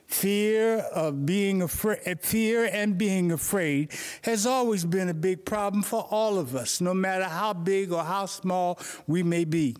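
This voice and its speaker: A man's voice: high-pitched, unhurried. A male pastor preaching an earnest morning sermon, telling stories to make his points.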